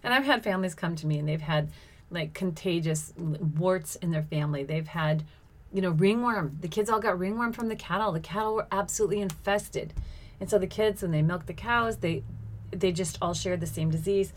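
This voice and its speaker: A woman's voice: on the low side, moderate pace, slight background noise. A middle-aged woman telling a personal story in a casual monologue, laughing often and exclaiming as she acts out what people said.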